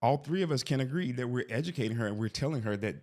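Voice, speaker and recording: A man's voice: mid-range voice, animated, quick pace, darkish tone. A man in his forties telling a rambling personal story, often tagging lines with "right?". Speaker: vlogger. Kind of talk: casual storytelling.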